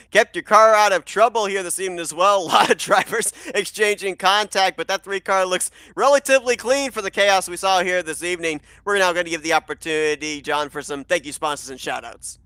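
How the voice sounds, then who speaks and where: Race broadcast lead, male, high bright voice, crisp and dry, excitable delivery. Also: no echo. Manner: excitable, breathless play-by-play. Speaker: lead sim racing commentator.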